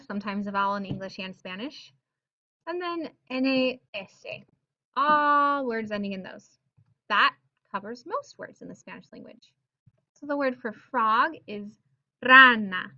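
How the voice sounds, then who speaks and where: A woman teaching Spanish pronunciation rules to her viewers, upbeat and sounding out example words slowly with emphasis. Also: on the high side, pushed and bright. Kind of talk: explaining pronunciation rules to camera.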